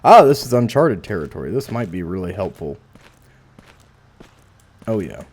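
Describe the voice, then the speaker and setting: A man with a low, sing-song voice and moderate pace offers casual let's play commentary while gaming, musing aloud with dry asides. There's a little hiss or hum on the recording.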